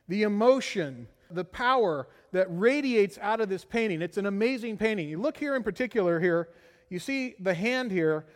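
A middle-aged man preaches from the pulpit, his voice pitched high. He tells a personal story with animated energy and tags many lines with "right?". His words ring out in the long reverb of a church sanctuary. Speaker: pastor.

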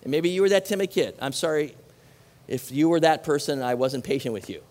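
High-voiced man preaching in a reverberant hall. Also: a little fast. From Southern California. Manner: animated preaching with rhetorical questions and asides. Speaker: pastor. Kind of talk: sermon.

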